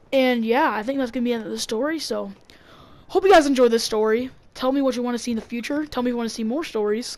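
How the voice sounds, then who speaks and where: High-voiced young woman telling a story. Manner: rambling, filler-heavy, laughing between lines. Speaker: YouTuber. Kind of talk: casual storytelling.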